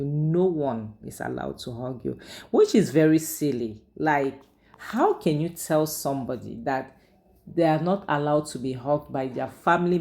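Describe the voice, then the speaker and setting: A woman with a Nigerian accent retells a drama in a casual, chatty way, breaking off with fillers and asides. Her voice is low, mellow and warm, and she keeps it animated throughout. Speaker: drama reviewer. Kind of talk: casual recap and commentary.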